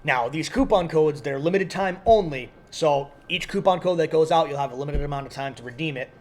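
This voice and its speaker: A man on a casual podcast, promoting sales and programs in a relaxed, teasing way. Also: fairly high pitch, fairly quick. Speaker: podcast co-host at an airsoft field.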